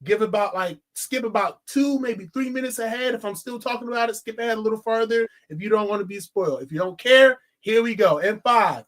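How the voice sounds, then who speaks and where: Animated, profane woman reviewing films. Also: a little high, fairly quick, hardly any pauses. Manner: animated, profane, repeats phrases for emphasis. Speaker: film review co-host. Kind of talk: casual podcast chat.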